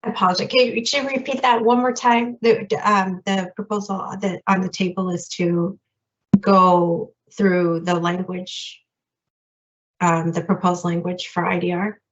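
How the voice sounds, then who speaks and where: Flat-voiced woman speaking on a call. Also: on the low side, measured pace, muffled recording. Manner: accommodating, hesitant. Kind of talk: meeting discussion. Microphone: video call.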